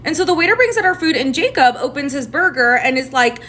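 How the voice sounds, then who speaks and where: A young woman telling a dating story to camera, animated and sarcastic, acting out each person's lines. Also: high-pitched, fast talker, hardly any pauses, slight background noise. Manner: animated, sarcastic, acts out both sides of the dialogue. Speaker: TikTok storyteller.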